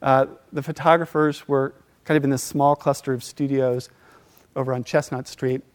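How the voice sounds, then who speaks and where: At medium pitch and normal speed, a middle-aged man shares a personal anecdote in an easygoing way. He imitates the people he quotes and laughs in between lines.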